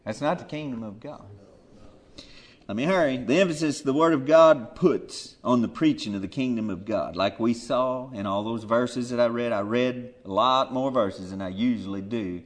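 A man preaching a sermon in a folksy way, moving from quiet asides to loud, emphatic peaks. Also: mid-range voice, moderate pace.

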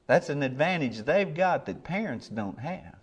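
A man's voice: fairly high pitch, very animated, a little slow, husky. An older man, a preacher giving a sermon in a folksy, plainspoken way, earnest and building to emphatic peaks.

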